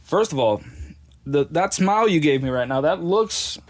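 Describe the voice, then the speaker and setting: A man's voice: on the high side, lively intonation, normal speed. Sober man, swearing and wry. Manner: profane, wry, argumentative. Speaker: podcast co-host. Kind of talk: casual chat.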